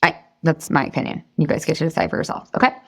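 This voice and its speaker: Energetic woman coaching a live class. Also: fast. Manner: energetic, chatty, encouraging, breaks into high excited outbursts. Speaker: weight loss coach.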